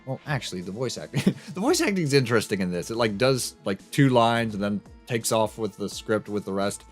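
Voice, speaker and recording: A man's voice: expressive, brisk, faint music behind. A man making casual, offhand asides while co-commenting a game let's play. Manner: offhand, low-voiced asides with chuckles. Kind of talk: casual commentary over gameplay.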